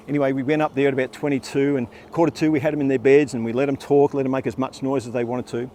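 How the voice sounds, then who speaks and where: A man in his sixties, a former teacher telling a personal story in a playful, animated way. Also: medium pitch, very fast, few pauses, slight background noise.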